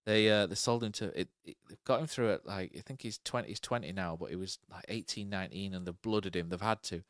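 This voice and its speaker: A podcast co-host talks casually about football, his lowish voice smooth and fast as he rambles and thinks aloud, leaning on fillers and tag questions. The recording is dry and close, with no room sound.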